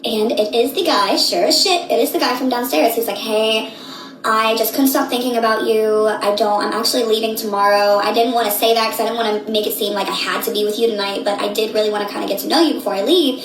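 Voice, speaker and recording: Fast-talking young woman telling a story. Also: on the high side, reverberant, soft background music, low-quality recording. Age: late 20s. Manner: animated, slangy, acts out quotes. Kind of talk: casual storytelling.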